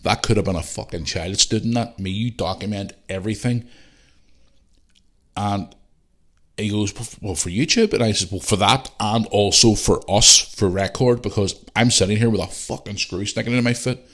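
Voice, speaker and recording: A man in his forties with a low, deep voice tells a story on his podcast. He swears often and throws himself into the voices of the people in his tale. His delivery is casual and animated. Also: moderate pace. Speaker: podcast host.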